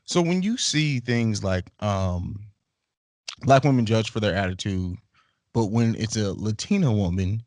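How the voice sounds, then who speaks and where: A young male podcast host with a mid-range voice, recorded dry and close. He works his way into questions haltingly, restarting as he searches for the right words. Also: mid-range voice, dry recording. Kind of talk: podcast interview.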